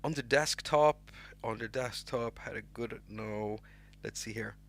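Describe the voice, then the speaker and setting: A man's voice: mid-range voice, measured pace. Swedish man chatting on a livestream. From Sweden. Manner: rambling, restarts words, reads chat names aloud. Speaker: livestream host and music producer. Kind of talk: unscripted livestream chat.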